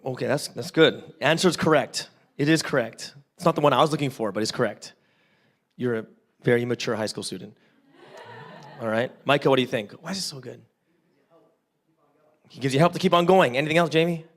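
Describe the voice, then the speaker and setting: A Canadian man preaches an interactive sermon at a church service, telling animated stories, acting out small voices, questioning the congregation and constantly checking in with "right?". His voice is medium-pitched and a little fast, with frequent pauses.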